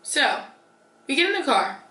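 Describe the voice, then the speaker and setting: A woman's voice: sits high, big pitch swings, unhurried, pushed and bright. A young woman in her twenties telling a dating story while doing her makeup, chatty, sassy and swearing freely, saying "like" all the time. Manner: chatty, sassy, profane, heavy use of "like". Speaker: beauty vlogger. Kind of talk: casual story-time chat. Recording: roomy echo.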